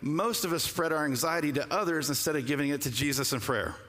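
A man preaching a sermon as pastor, talking conversationally and telling stories with quick asides. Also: a little high, fairly bright tone. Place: church sanctuary. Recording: long hall reverb.

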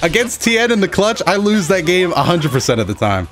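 A young man giving excitable, joking commentary over his own fighting-game matches, yelling at big moments. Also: high voice, brisk. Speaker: gaming channel host. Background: game music.

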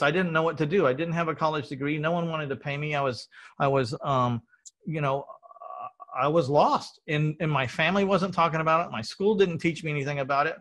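A middle-aged man from Texas talks through his story in casual conversation. He sounds earnest and a little rambling, and he restarts his sentences as he goes. His voice sits slightly high for a man. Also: fairly quick, fairly bright tone. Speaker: podcast host telling his story.

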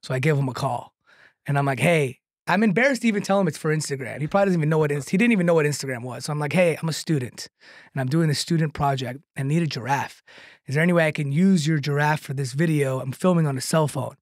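A man, a comedian and content creator, telling a long anecdote in a podcast chat, animated and tagging lines with "right?", laughing now and then. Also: on the high side, fast talker, no echo, clean studio sound. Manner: laughs through his own story.

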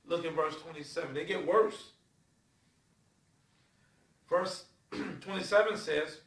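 A man preaching a sermon, emphatic and swinging between loud and soft. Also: fairly high pitch, measured pace, pauses often. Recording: echoey room from far off.

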